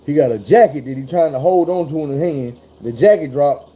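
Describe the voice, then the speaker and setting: A man speaking talks in a loose, profane commentary style. His voice is mellow and dark with a husky grain, sitting a bit high for a man. He gets animated and slips into other voices as he retells what happened. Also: a little fast.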